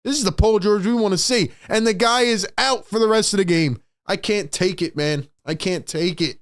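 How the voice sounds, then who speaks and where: A man hosting a live play-by-play reaction stream. He swings between hyped shouting and frustrated muttering and repeats lines for emphasis. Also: high voice, moderate pace, dry recording, studio quality. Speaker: sports stream host.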